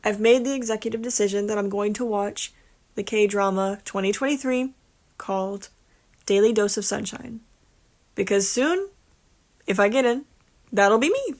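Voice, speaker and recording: A woman's voice: medium pitch, normal speed, long pauses. A young adult woman talking casually through her day in a rambling, chatty way, swearing now and then. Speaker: vlogger. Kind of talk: casual daily vlog.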